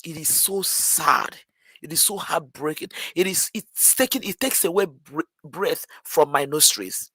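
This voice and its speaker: A woman's voice: low voice, a little slow, a bit bright, slightly rough, dry recording. A woman caller giving a heartfelt, emotional speech on a live call-in, building and falling back with repetition.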